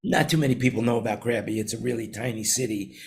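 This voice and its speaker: A show host in his sixties with a New York accent speaks fast in a medium-pitched, gravelly voice. He leads a casual roundtable chat, telling long, rambling stories full of restarts.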